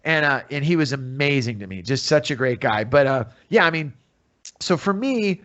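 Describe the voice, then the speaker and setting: A middle-aged American man with a mid-range voice talks at a moderate pace over lo-fi sound. The musician and comedian, a podcast guest, tells casual stories with energy and acts out the quoted voices.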